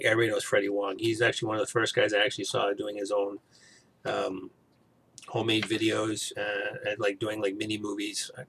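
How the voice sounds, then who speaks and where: A man's voice: lowish voice, gravelly, a bit bright, a little hiss or hum. A man vlogging in a casual chat, rambling with frequent restarts and asides.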